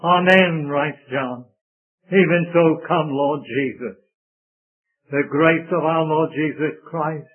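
A man preaching a sermon, reading scripture aloud with a slow, solemn and emphatic delivery. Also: a little high, breathy edge. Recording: tinny lo-fi sermon recording.

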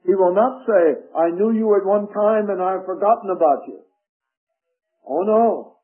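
A man preaching a sermon, slow and emphatic, reading scripture aloud. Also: sits high. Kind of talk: radio sermon. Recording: tinny phone-like radio broadcast.

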